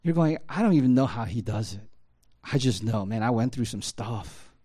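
A man's voice: medium pitch, lively intonation, normal speed, warm tone. A man pastor preaching a sermon in a casual, conversational way, often checking in with "right?" and building to impassioned emphasis.

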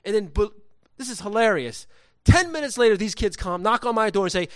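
A middle-aged man preaching a sermon, reading scripture, then telling family stories in a conversational way with frequent restarts that turn lively during the anecdotes. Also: sits high, quick pace, no echo, studio quality. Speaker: pastor.

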